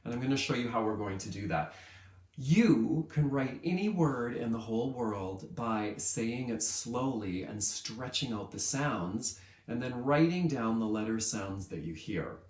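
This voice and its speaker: Guy teaching kindergarten, really slow and cheery, stretches out every word, echoey room. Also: medium pitch, animated. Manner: upbeat, stretches words out slowly for children. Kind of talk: lesson for young children.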